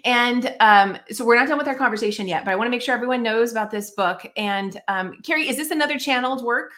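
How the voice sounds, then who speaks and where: Woman host talking slow n thoughtful, bit high voice, feeling her way through ideas. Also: fairly bright tone. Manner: thoughtful, searching, many restarts. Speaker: podcast host. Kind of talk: reflective interview talk.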